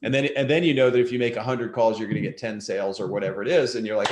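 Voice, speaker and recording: A man's voice: mid-range voice, steady tone, fast talker. Candid man in his fifties, echoey room. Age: 50s. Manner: candid, self-deprecating, restarts often. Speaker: guest speaker. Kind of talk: motivational talk to an audience.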